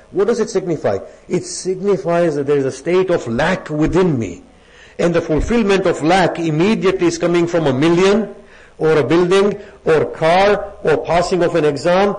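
A man giving a sermon as a lecturer, speaking emphatically, posing rhetorical questions and reciting Arabic verses rapidly. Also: a little high, a little mellow, low-quality recording. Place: religious centre.

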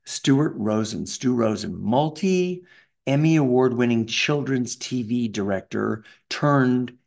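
Middle-aged Canadian man, gravelly, lively anecdotal interview guest. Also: medium pitch, takes it slowly. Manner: animated, does voices of people in his stories. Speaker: voice actor guest.

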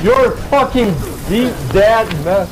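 A man's voice: high-pitched, slow pace, low-quality recording. A drunk man with a Quebec French accent, a native French speaker trash-talking another player in game voice chat, swearing and repeating himself. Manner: taunting, profane, repeats himself.

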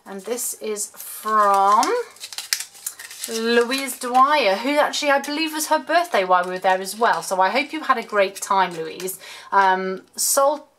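A woman chatting excitedly as she unwraps and shows off handmade craft gifts in a casual home vlog. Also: mid-range voice, measured pace, poor audio. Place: home room, road sweeper outside. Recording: faint street noise and paper crinkling.

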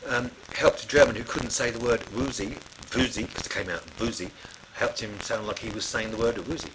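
A man's voice: mid-range voice, fairly even intonation, fairly quick, heavy background noise. A middle-aged man telling studio stories in a rambling, casual way, full of fillers and restarts. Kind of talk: casual spoken anecdote.

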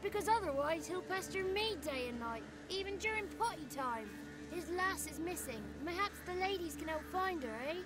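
A woman's voice: very high-pitched, animated, moderate pace. A woman voicing a small grey godling boy who is chatty, cheeky and kind. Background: game music.

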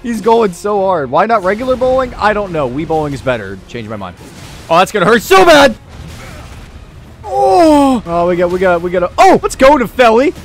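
A young man commentating his own boss fight in a video game, excitable and quick to yell and laugh. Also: sits high, music in the background. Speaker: gaming YouTuber. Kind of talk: let's play commentary.

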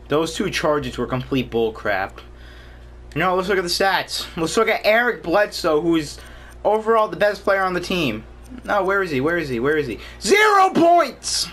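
A young man commentating his own basketball gameplay, excitable, complaining and yelling at the game. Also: on the high side, a little hiss or hum. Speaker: gaming YouTuber.

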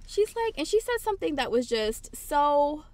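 A young woman chatting casually in a haul vlog, telling stories in an animated way. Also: high-pitched, normal speed. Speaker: lifestyle vlogger.

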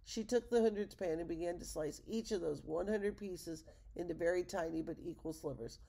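A woman reading a picture book aloud to listeners, in a gravelly voice. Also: fairly low pitch, moderate pace, mellow. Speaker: storybook reader.

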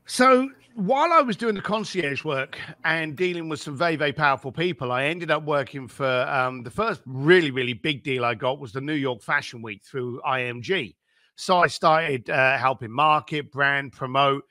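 A man being interviewed as an entrepreneur, giving blunt, energetic business advice and swearing casually. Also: a little high, normal speed, no room sound, studio quality. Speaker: entrepreneur guest.

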